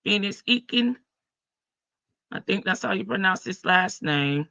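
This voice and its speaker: A woman hosts a casual live stream from her front porch, greeting her chat viewers by name. Her morning voice is heavy and gravelly, and she talks at an unhurried pace with a bright edge. The sound is dry and a little muffled. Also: mid-range voice, lively intonation, dry recording.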